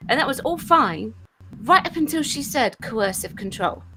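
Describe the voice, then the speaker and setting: A woman co-hosting a podcast panel, talking in an animated, opinionated way. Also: sits high, moderate pace, poor audio. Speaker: podcast co-host. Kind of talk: casual panel discussion. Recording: clear background noise.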